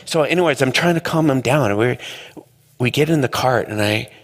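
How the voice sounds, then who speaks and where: A man telling a story in a conversational, animated way during a talk. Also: medium pitch, a little fast. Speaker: speaker. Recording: long hall reverb.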